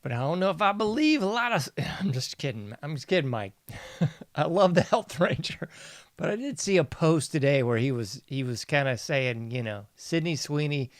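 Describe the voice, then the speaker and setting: A man's voice: on the high side, lively intonation, moderate pace, no room sound, studio quality. A man hosting a casual news commentary show, mocking and sarcastic, laughing often. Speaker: podcast host.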